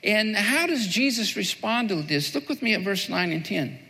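A man's voice: sits high, sing-song, moderate pace, vocal fry, hardly any pauses, bright, forceful tone, in a large hall, rough recording. A man preaching a sermon and praying, earnest and repeating key phrases for emphasis. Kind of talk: sermon with prayer.

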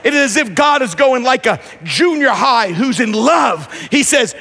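A man preaching a sermon in a church, repeating phrases and building to shouted emphasis. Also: very high voice, animated, moderate pace, hardly any pauses, big-room sound. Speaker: pastor. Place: church sanctuary.

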